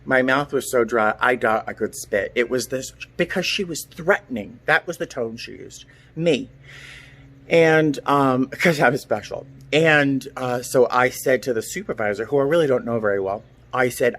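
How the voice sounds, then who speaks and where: A man's voice: mid-range voice, normal speed. Chatty middle-aged man telling a story. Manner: chatty, animated storyteller acting out quotes. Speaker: vlogger. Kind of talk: casual storytelling vlog. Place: outdoors at home, feeding cats.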